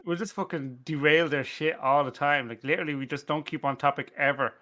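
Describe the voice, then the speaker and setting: Bright-voiced Irish man, rambling. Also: a little high, steady tone, brisk. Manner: rambling, sweary, laughs often, self-deprecating. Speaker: podcast host. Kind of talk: casual podcast chat.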